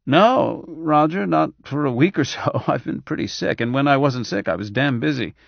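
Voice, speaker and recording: A man voicing a harried doctor who has a cold, brisk and coaxing, a little impatient. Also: mid-range voice, lively intonation, vocal fry, no echo, dull audio, voice pushed up.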